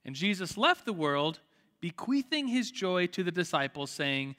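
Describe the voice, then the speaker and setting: Young man, high bright voice, casual church teaching, animated talk, lingering hall reverb. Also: moderate pace. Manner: conversational, lively, self-correcting with frequent fillers. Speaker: church teacher leading a group study. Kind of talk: informal sermon with table discussion. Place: room with tables full of listeners.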